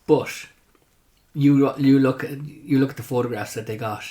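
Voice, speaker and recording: A man, a podcast guest in casual chat, speaking haltingly and restarting sentences. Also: mid-range voice, fairly even intonation, dark tone.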